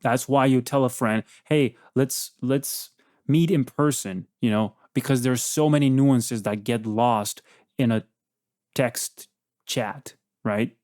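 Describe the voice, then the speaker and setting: A man's voice: mid-range voice, slow, darkish tone, no echo, studio quality. A man hosting a casual chat, blunt and probing as he questions an AI. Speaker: host.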